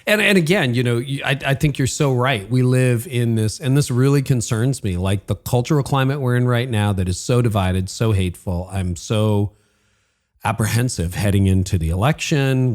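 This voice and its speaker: A man's voice: medium pitch, normal speed. Enthusiastic middle-aged male podcast host. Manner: enthusiastic and affirming, acts out his own inner voice. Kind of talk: conversational interview.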